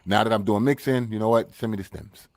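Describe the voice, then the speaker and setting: A man's voice: lowish voice, quick pace, gravelly, a loud crowd. A man co-hosting a podcast, a rapper talking about music in a laid-back way, swearing and often asking "you know what I mean". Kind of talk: casual podcast chat.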